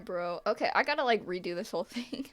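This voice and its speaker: Medium in pitch and lively in intonation, this teen art streamer talks fast while drawing, laughing a lot and firing playful sarcasm back at her chat. Faint music plays in the background.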